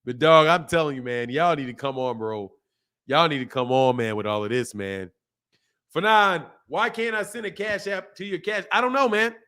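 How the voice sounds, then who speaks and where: Man, high voice, slangy casual livestream chat, animated, laughs a lot. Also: moderate pace, clean tone. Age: adult, a father. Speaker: boxing channel host.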